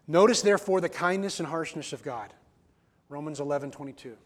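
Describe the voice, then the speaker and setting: A man's voice: fairly high pitch, brisk. A man preaching a sermon in a casual, conversational way, asking the listeners many questions. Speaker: pastor.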